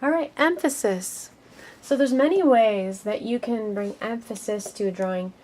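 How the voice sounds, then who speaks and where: A woman teaching a children's art lesson, speaking gently and encouragingly to young viewers as she draws. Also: a little high, moderate pace.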